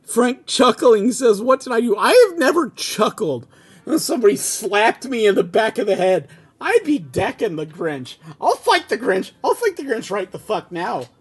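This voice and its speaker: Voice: medium pitch, very animated, moderate pace, husky. A host reading a fan script aloud for comedy and breaking off into exasperated, laughing rants about it.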